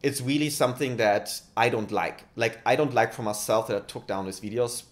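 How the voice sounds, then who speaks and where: A man in his twenties with a German accent, talking to camera in his flat and thinking aloud with many restarts. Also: mid-range voice, fairly quick. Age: 20s. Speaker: vlogger. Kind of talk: casual talk to camera. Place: condo apartment.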